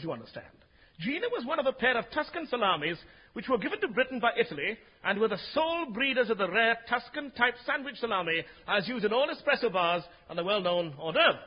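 An actor playing an excitable, pompous, bumbling hero in a 1950s radio comedy, given to shouting outbursts. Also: male voice, very high voice, slightly rough, exaggerated voice. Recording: noisy dull old radio recording.

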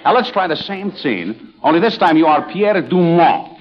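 Eager comedy host, bright, animated; 1940s radio, lo-fi. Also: male voice, on the high side, moderate pace. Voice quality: brash, eager, coaching tone. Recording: muffled 1940s radio broadcast.

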